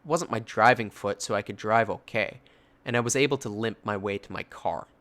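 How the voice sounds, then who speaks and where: A man's voice: on the low side, fairly quick, a bit bright. A man casually narrating a story, swearing freely and breaking off for personal asides. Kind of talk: reading a story.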